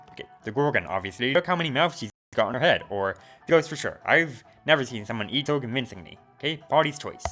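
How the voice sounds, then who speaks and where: A man's voice: on the low side, fast talker, sharp tone, soft background music. A man streaming a video game, chatting casually and reading the text aloud. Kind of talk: let's play commentary.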